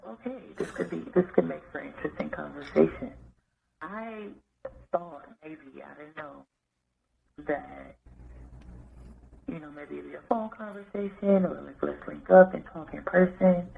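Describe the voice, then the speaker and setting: A man's voice: on the high side, vocal fry. A man leaving a rambling voicemail in a groggy morning voice, thinking aloud with lots of fillers. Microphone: phone. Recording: tinny phone line voicemail.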